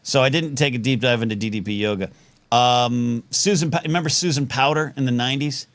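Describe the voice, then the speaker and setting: A man's voice: mid-range voice, fairly quick, a bit bright, no echo. A man in his forties hosting a live talk show, rambling and self-deprecating in casual banter.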